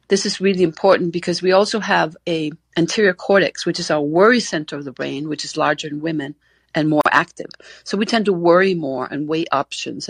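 Middle-aged woman co-host, husky and low, dry close sound, earnest explainer. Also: no echo. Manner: earnest, explanatory, repeats words when starting. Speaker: co-host, gender expert. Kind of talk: casual panel discussion. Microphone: online audio call.

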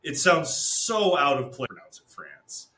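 A man co-hosting a podcast, ranting in casual chat, animated and profane. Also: a little high, a little slow, roomy sound. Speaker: podcast co-host.

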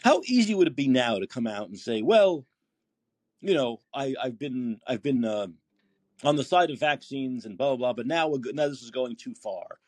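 In a mid-range, expressive voice at a moderate pace with no echo, a podcast host rants through a political commentary monologue on his call-in show. He's heated and indignant, swearing, throwing out rhetorical questions, and quoting posts from his feed.

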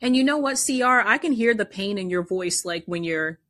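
A woman co-hosting a call-in podcast who speaks calmly and reflectively about politics. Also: mid-range voice, brisk. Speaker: podcast co-host. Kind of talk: political chat.

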